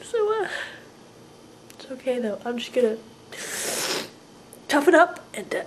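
A young woman acting in a home comedy sketch, mumbling and whispering groggily, then bursting into frantic shouts. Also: high voice, big pitch swings, a little slow, a little hiss or hum. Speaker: comedic video sketch performer. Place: home kitchen.

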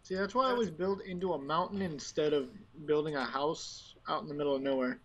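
A man's voice: a little high, fast talker, fairly bright tone, muffled recording. A man chatting casually while gaming, blunt and swearing freely. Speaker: gamer.

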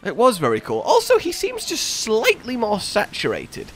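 A man's voice: high-pitched, wildly swooping pitch, moderate pace, fairly bright tone, faint music behind. A man co-hosting a gaming video, joking, laughing often and throwing out theatrical exclamations. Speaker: gaming channel co-host. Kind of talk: playful gameplay commentary.

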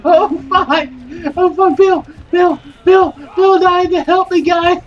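A woman's voice: very high-pitched, fairly even intonation, takes it slowly, few pauses, distant mic, dull audio, slight background noise. A woman commenting on her own gameplay in a panicky way, often shrieking and yelping. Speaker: gamer recording gameplay.

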